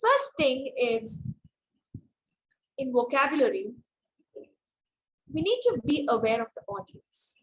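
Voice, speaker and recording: A woman trainer giving an online public speaking workshop over a video call, explaining clearly and shifting her tone and stress to model examples. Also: high-pitched, sing-song, takes it slowly, long pauses, a bit bright, poor audio.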